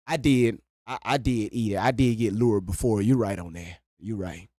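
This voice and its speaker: A man hosts a live reaction stream, chatting casually while stammering and repeating words, his voice swinging between low mutters and loud exclamations. He speaks at a normal pace. The audio is clean studio sound with no room sound.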